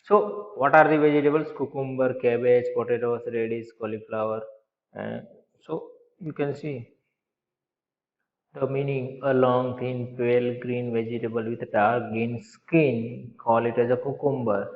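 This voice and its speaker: A male teacher with a medium-pitched voice and fairly even intonation explains a children's story to young pupils at a measured pace. He often poses a question to the class, then answers it himself. The recording is lo-fi and dull, with an echoey room.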